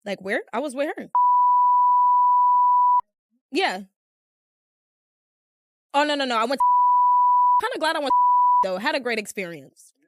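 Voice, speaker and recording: A woman's voice: high voice, sing-song, measured pace, long pauses, fairly bright tone. A young woman hosting a podcast, telling stories in a casual, rambling way with lots of fillers. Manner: chatty, rambling, heavy use of filler "like". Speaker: podcast host. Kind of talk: casual storytelling chat. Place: room with a small live audience.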